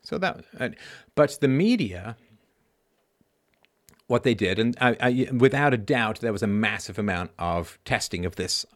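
A man in his fifties hosting a live show, talking in an animated, sarcastic way. He swings from quiet asides to loud, emphatic outbursts and keeps asking "right?". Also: on the low side, unhurried. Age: 50s. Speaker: show host.

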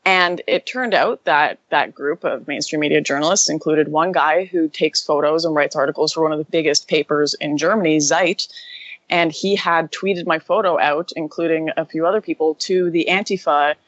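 A woman guest in an interview recounting her experience quickly and animatedly, full of "like" fillers. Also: sits low, fairly bright tone, no room sound, lo-fi sound. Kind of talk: casual interview storytelling.

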